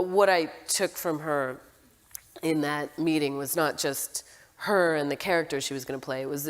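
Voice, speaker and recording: A woman being interviewed, talking in a halting, enthusiastic way with many restarts. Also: deep voice, long reverb tail. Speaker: film director, interview guest. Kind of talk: casual interview talk.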